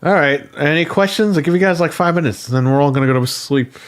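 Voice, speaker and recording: A man co-hosting a casual gaming livestream talks bluntly and swears casually, described as a podcast co-host. His voice is fairly high-pitched and fast. He's recorded on a studio microphone.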